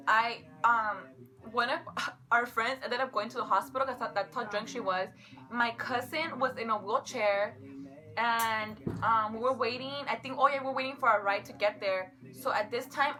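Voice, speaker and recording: A young adult woman telling a funny story to her sister, animated and quick, full of filler likes. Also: fairly high pitch. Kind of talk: casual storytelling.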